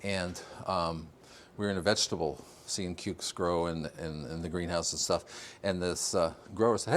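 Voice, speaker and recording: A man's voice: low-pitched, steady tone, moderate pace. An older man from Vermont giving a casual greenhouse tour, rambling with fillers and frequent chuckles. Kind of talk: casual walking-tour interview.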